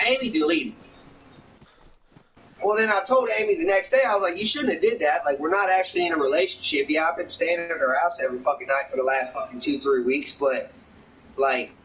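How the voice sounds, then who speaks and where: A man rambles through a casual story, swearing constantly and acting out what others said. His voice is bright and forceful and sits a little high. He is recorded from a distance with a faint hum of background noise. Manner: rambling, swears often, acts out others' lines.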